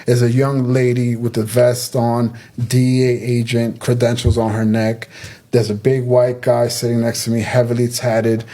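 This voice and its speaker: Dark-voiced man telling a dramatic story. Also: medium pitch, level tone. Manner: fast, dramatic retelling with acted quotes. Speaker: storyteller recounting his arrest. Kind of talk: casual storytelling.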